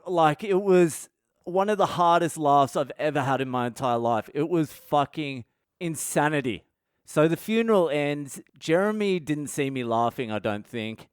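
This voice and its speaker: A man's voice: on the high side, clear, resonant tone, dry recording, clean studio sound. A man hosting a podcast, telling a story in a candid, profane, casual monologue and laughing at himself. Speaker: podcast host.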